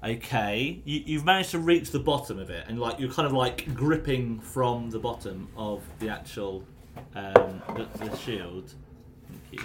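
A man's voice: mid-range voice, a little slow, noisy background. A man running a tabletop game in a chatty, stumbling, apologetic way. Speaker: game master.

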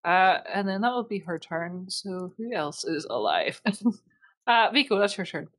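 Giggly woman game master, lower voice. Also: unhurried. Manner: relaxed, giggly narration with many fillers. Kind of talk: narrating a tabletop game.

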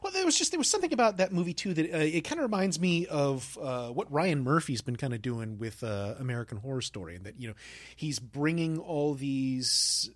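Animated, joking man on a film podcast. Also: a little high, fairly quick, no room sound. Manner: joking, animated, swears casually. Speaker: podcast co-host. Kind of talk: casual film chat.

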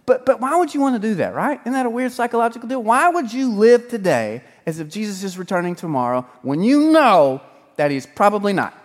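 A man preaching a sermon as pastor, joking and lively, swinging between loud and hushed delivery. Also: high-pitched, a little fast. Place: large church hall. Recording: sermon in a reverberant church hall.

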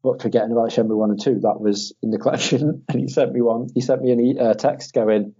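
Young man, casual podcast chat, animated storyteller, mellow husky voice. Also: medium pitch, quick pace. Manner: animated storytelling, acts out quotes in a raised voice, swears, laughs often. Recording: dull lo-fi audio.

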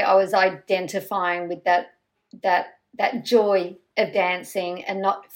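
A woman guest talking in a relaxed chat. She tells her stories in an animated way, with fillers and bursts of laughter. Her voice sits in the middle range. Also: medium pitch, low-quality recording. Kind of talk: casual chat.

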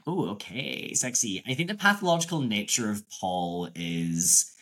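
A man's voice: on the low side, animated, a little slow, fairly bright tone. Laid-back, sweary male podcast guest. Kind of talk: casual chat recapping a TV show.

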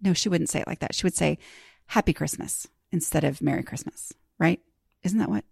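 A woman's voice: lowish voice, quick pace, gravelly, a little mellow, husky, no room sound, clean studio sound. A woman hosting a podcast, chatty and self-deprecating, with rambling asides. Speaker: podcast host. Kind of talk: casual podcast chat.

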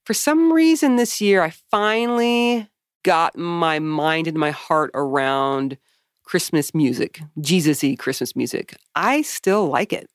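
Chatty woman with a low voice. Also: unhurried, clean tone, dry recording, clean studio sound. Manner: candid, chatty storyteller who swears freely. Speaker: podcast co-host. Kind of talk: casual chat.

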